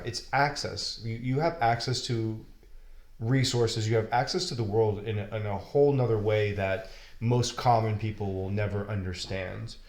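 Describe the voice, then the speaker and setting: A man's voice: on the low side, roomy sound. A man co-hosting a podcast, giving earnest, opinionated views in casual talk with some swearing. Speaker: podcast co-host. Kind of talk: casual chat.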